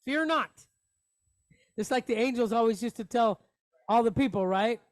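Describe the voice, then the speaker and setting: A man's voice: extremely high pitch, normal speed, no echo. A man teaching a Hebrew reading lesson online, patiently spelling out letters and vowels with jokey asides. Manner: patient, explains step by step with asides.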